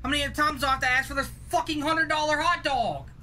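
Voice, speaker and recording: A woman's voice: high voice, fast, sharp tone, a little hiss or hum. A woman giving rowdy, profane commentary while playing a game. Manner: rowdy, profane trash talk. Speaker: gaming streamer. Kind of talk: live gameplay commentary. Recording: game music playing under voice. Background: game music and vehicle sounds.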